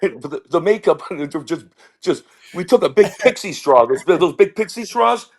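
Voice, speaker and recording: A man, a comedian guest, telling rambling animated stories in casual talk over a video call. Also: on the high side, fairly quick. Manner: rambling, animated, slips into impressions. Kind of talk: casual interview storytelling.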